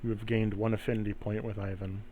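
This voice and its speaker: A man's voice: lowish voice, flat delivery, fast, dark tone. A man running a tabletop game as game master, narrating playfully and stacking puns over a voice call.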